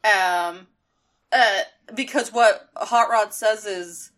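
Bright-voiced woman joking through a recap. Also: medium pitch, extremely slow. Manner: wry, joking commentary. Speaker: podcast co-host. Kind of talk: casual recap chat.

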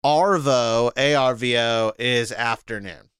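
A man's voice: medium pitch, lively intonation, a little slow, a bit bright, clear, resonant tone, dry recording, clean studio sound. A man co-hosting a podcast in casual, joking chat. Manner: joking, reads out slang and review scores. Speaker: podcast co-host.

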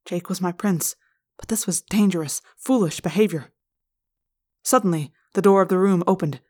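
A woman narrating a fan read-aloud chapter in an expressive style, recorded in a hotel room. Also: lowish voice, normal speed.

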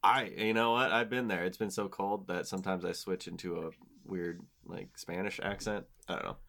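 A man's voice: low-pitched, steady tone, moderate pace, vocal fry, fairly bright tone, a little hiss or hum. A man co-hosting a podcast in casual chat, upbeat and chatty as he leads the segments. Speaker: podcast co-host.

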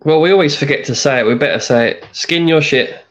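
A man's voice: on the high side, brisk. A man co-hosting a podcast, chatting casually with dry jokes. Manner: dry, joking. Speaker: podcast co-host.

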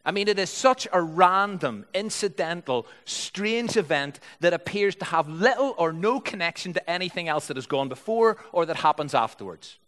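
A man's voice: high-pitched, expressive, normal speed, hardly any pauses, a bit bright, in a large hall. A man preaching a sermon, reading scripture and explaining it in an earnest, searching way. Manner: earnest, explanatory, reads with feeling.

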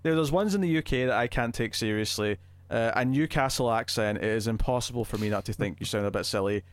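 A man's voice: medium pitch, fast, clean tone, no room sound. A man co-hosting a casual film review podcast, talking in a chatty, hesitant way with many restarts. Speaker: podcast co-host.

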